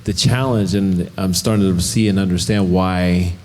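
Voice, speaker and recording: A man with a very low, mellow voice speaks from the audience of a Q&A. He thinks aloud, searching for words and restarting his sentences. A long hall reverb hangs on every phrase. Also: steady tone, moderate pace. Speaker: audience member asking a question. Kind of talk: reflective Q&A comment.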